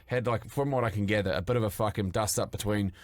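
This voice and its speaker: A man's voice: on the low side, steady tone, quick pace, no echo. A man hosting a podcast, telling a story in casual, sweary chat. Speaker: podcast host.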